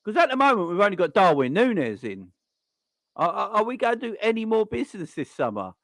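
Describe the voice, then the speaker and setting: A man talking in a casual livestream rant as a football fan, animated and repetitive, speaking to his chat. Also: sits high, a little fast, no echo, poor audio.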